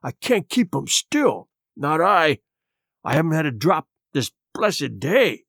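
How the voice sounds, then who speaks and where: A man reading an audiobook, voicing a drunken, feeble old sea captain who pleads in rough sailor's dialect. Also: a little high, sing-song, moderate pace, no echo, studio quality. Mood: pleading. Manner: rough seafaring dialect, wheedling.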